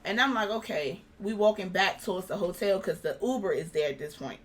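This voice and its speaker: A young woman, appearing as an interview guest, casually tells a personal story and acts out what people said. Her medium-pitched voice moves fairly quickly, and she's animated throughout.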